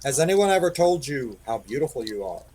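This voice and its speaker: A man's voice: medium pitch, big pitch swings, a little fast, a little mellow. A man playing a tabletop game, bantering playfully and flirting in character. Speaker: player. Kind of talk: casual tabletop play.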